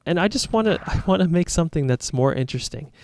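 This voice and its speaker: A man's voice: on the high side, lively intonation, fast talker, dry recording. A man talking to his viewers as a YouTuber in a casual, reflective monologue, earnest, rambling and self-critical.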